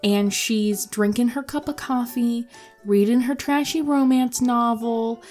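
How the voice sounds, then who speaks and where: A woman co-hosting a casual chat, playful and quick to laugh as she tells stories. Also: fairly high pitch, steady tone, darkish tone, faint music behind. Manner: playful, laughs often while telling stories. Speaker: podcast co-host.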